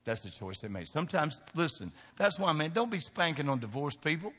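A male pastor with a bright, ringing, slightly high voice, preaching with emphatic punch and folksy asides. He keeps tossing questions out for the congregation to answer. His voice carries a long reverb from a large church hall. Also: very animated, a little fast, husky. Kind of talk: sermon.

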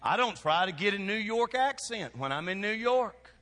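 A Southern-accented man from Kentucky preaches a sermon in a large church sanctuary. His voice sits a little high and rings bright and forceful, dropping to hushed lows and rising to shouted exhortation. A long reverb from the hall trails behind every phrase. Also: expressive, normal speed. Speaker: pastor.

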